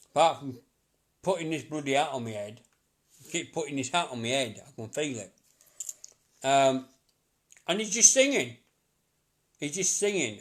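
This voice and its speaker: Chatty, laughing middle-aged male medium. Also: fairly high pitch. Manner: chatty, repetitive, laughing often. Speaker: psychic medium. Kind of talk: live reading to a sitter.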